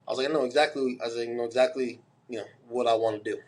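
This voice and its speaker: Animated man telling war stories. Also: medium pitch, rapid-fire, hardly any pauses. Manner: animated storyteller, acts out quoted dialogue. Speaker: guest. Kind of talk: storytelling in a podcast interview.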